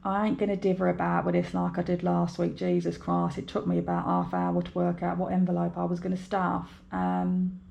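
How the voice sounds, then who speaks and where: A woman's voice: lowish voice, monotone, fairly quick, gravelly, darkish tone, dull audio. A British woman chatting casually to camera while budgeting, rambling and talking to herself. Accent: British English. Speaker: budgeting vlogger. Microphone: overhead camera mic.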